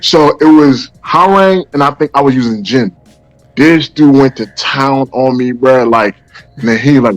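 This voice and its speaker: A man's voice: medium pitch, a little slow. A man from the Bay Area, a guest rapper, telling stories animatedly and acting out the voices. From San Francisco Bay Area. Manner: animated, acts out quoted voices. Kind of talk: casual interview storytelling.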